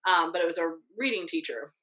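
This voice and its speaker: A young woman co-hosting a podcast, telling a story in casual chat, animated, swearing freely, with lots of filler words. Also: on the low side, brisk, poor audio. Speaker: podcast co-host.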